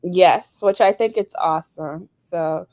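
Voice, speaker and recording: A woman's voice: mid-range voice, moderate pace, no room sound. A woman co-hosting a podcast in casual chat, talking with lots of fillers and laughs. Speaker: podcast co-host.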